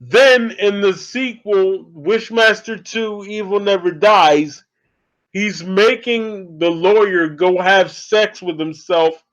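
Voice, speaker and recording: High-voiced man recapping movies slowly. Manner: excitable, laughing storyteller. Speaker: horror movie reviewer. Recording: dull lo-fi audio.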